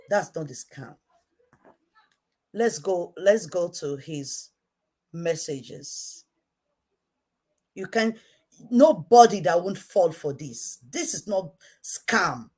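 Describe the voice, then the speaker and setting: A woman with a Nigerian accent and a low, weighty voice delivers an impassioned rant straight to camera. She hammers each point by saying it twice, dropping to a quiet, pointed tone and then flaring up into shouting. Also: animated, slow, pauses often, slightly rough. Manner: repetitive, emphatic, swinging from quiet to shouting. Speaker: online commentator.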